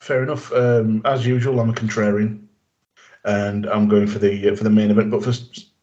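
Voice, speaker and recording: A man with a lowish voice hosts a wrestling podcast. He is relaxed and jokey, and steers the talk between segments. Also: moderate pace, lo-fi sound. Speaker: podcast host. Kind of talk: casual podcast chat.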